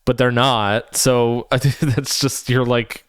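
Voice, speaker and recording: A man's voice: mid-range voice, fairly even intonation, slow pace, clean tone, no room sound, studio quality. A man streaming live, reacting with profane, laughing, rambling commentary.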